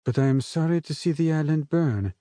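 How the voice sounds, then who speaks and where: In this storybook reading, a soft-spoken young Frenchwoman talks in a gentle, lifted voice, as a male narrator puts her on. Her French accent is light and quiet. The voice is dry and close, with no room around it. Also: a little high, animated, a little fast, dry recording, voice pushed up, close to an everyday voice. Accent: French, put on. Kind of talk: audiobook character voice.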